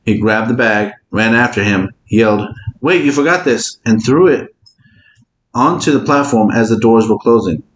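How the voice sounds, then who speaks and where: A man's voice: on the low side, normal speed. A man co-hosting a podcast, reading out stories in casual chat and laughing a lot as he tells them. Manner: animated, laughing storyteller. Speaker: podcast co-host. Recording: echoey room, faint hiss.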